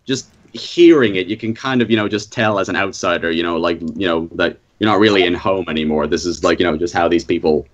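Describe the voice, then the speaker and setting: A man's voice: deep voice, brisk, few pauses, muffled recording. An Irish man chatting casually on a podcast, rambling with many fillers and restarts. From Ireland. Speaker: podcast guest. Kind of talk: casual chat.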